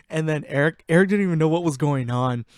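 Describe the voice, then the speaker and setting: A man's voice: fairly high pitch, fast talker, clean tone, no echo, studio quality. A young man hosting a podcast, swearing freely and laughing through casual stories about his friends. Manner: profane, laughing, animated storyteller. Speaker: podcast host. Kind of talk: casual storytelling.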